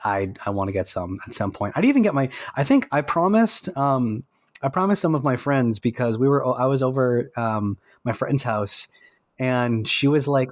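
A man co-hosting a casual music podcast from a remote call, talking in an excitable, rambling and self-mocking way. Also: mid-range voice, normal speed, dry recording. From Canada. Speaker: podcast co-host. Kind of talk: casual chat. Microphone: remote call mic.

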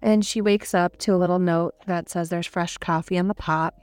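A young woman with a smooth, clear voice talks through a book's plot in an easy, chatty way, with fillers and small laughs. The sound is dry and close, and soft music sits faintly behind her. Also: on the low side, steady tone, moderate pace, dry recording. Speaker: podcast co-host. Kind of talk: casual book review chat.

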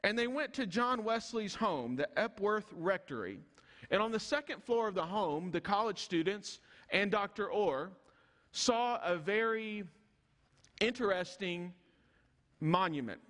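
Preacher guy, kinda high voice, long reverb from the church hall, slows way down on the scripture. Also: expressive. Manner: reads scripture slowly, drops low and soft in prayer. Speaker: pastor. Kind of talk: sermon. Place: church sanctuary.

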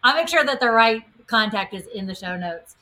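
A woman co-hosting a podcast, talking in an animated, casual way and drawing out a long picture to make her point. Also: fairly high pitch, normal speed, low-quality recording. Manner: animated, fond of extended metaphors. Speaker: podcast co-host.

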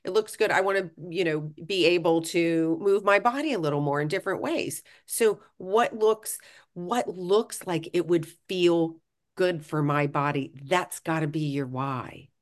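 Woman podcast co-host, low voice, frank and earnest, casual swearing. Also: unhurried. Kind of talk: casual self-help podcast chat.

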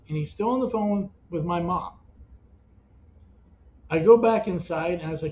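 A man's voice: high voice, expressive, normal speed, long pauses. A man telling the story of his family's hard times as a parent of a child with cancer, in an earnest, emotional way that often stops and restarts. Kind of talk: personal storytelling podcast. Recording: dull lo-fi audio with faint hiss.

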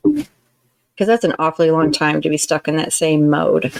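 A woman with a slightly low voice talks through advice in a relaxed podcast conversation. She explains things earnestly and at length, now and then acting out how a line can sound. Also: a little slow, poor audio. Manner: earnest, explanatory, acts out tones of voice in examples. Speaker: podcast co-host. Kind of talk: casual advice chat.

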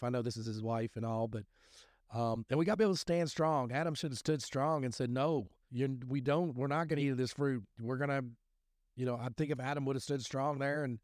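A man with a drawl talks through scripture in a loose, folksy way, circling back and restarting his sentences often. His voice sits at an ordinary middle pitch. The recording is dry and close, with no room sound. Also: a little mellow, no echo. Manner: rambling, folksy, many restarts and fillers. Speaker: recovery podcast host. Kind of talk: casual scripture talk.

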